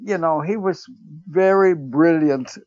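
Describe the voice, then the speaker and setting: A man's voice: on the high side, slow pace, a little mellow, no echo. An older man, a theater writer, chatting in an interview and telling anecdotes, chuckling as he goes. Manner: chatty storyteller, chuckles while telling, acts out quoted voices. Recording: dry, dull lo-fi sound.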